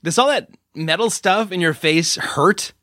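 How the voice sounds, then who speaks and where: Male narrator doing a brash young loudmouth; high, bright, shouting often. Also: measured pace, no room sound, studio quality. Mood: mocking. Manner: shrill, taunting, shouting often. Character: brash mouthy young man, loud and cocky. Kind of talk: audiobook character reading.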